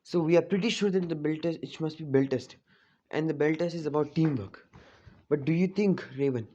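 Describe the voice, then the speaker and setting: A man's voice: fairly high pitch, dark tone. A young man casually telling a fan-made story, rambling with many fillers. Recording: dull lo-fi recording.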